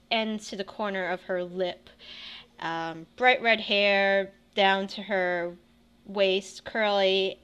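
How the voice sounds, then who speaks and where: A young woman runs a tabletop session, her voice bright and sharp, her pace slow and unhurried. She narrates scenes chattily, laughing often and restarting her sentences. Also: mid-range voice, clear, resonant tone. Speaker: game master.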